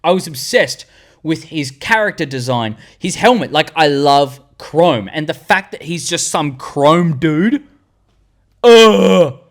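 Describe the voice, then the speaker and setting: A young Australian man in his twenties, hosting a fan tier-list vlog and rambling excitedly with the odd swear word. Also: a little high, a little slow. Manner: animated, rambling, swearing, loses words mid-sentence. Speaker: channel host.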